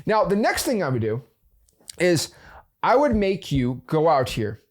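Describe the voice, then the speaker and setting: A man hosting a real estate investing channel, giving casual motivational advice. He plays devil's advocate and talks in quick restarts and fillers. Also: on the high side, big pitch swings.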